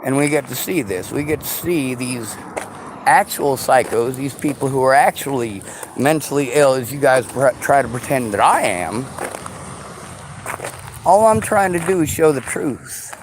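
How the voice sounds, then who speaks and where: A man ranting to his viewers, sarcastic and profane, slipping into mocking high voices, with a faint background hiss. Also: animated, measured pace. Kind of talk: angry rant to viewers. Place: vehicle.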